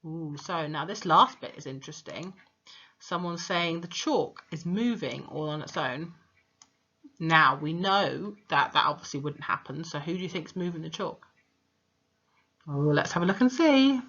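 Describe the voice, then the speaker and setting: A woman's voice: low voice, animated, measured pace, a bit bright. Woman reading a children's book aloud. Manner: stops to explain the story. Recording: dull lo-fi recording.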